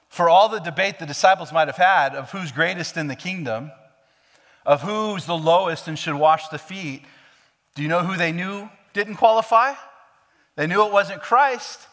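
A man preaching a sermon with emphatic repetition, swinging between hushed, low passages and loud, raised stretches. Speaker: pastor. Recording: long hall reverb.

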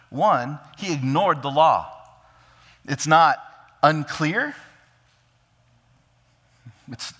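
A man preaching a sermon in an animated way, often stammering into restarts. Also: fairly high pitch, in a large hall. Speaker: pastor.

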